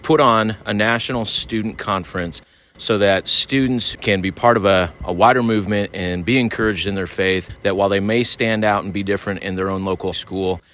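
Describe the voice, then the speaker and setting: A man's voice: low voice, fairly bright tone. A man earnestly explaining the purpose of an event. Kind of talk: explanatory talk.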